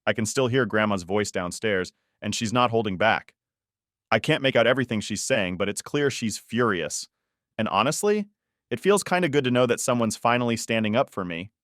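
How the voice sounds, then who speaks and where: A man reading a first-person story as a scripted narration, in an even, measured manner. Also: on the low side, no echo, studio quality.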